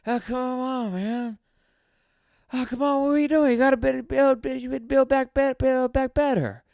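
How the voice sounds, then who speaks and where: A man doing a mock impression of a rambling old male politician shouting slogans. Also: extremely high pitch, fairly even intonation, a little slow, vocal fry, dry recording, clean studio sound, voice pushed up, exaggerated voice. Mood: blustering.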